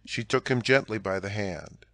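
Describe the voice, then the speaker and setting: A man narrating a classic novel as an audiobook in a measured storytelling delivery. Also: on the low side, fairly bright tone, no echo.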